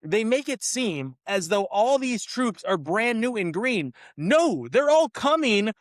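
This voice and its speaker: Man, high voice, exasperated ranting, podcast co-host, dry close mic. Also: very animated, slow pace, no echo. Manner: ranting, exasperated, quotes lines in mocking voices. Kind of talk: casual movie review chat.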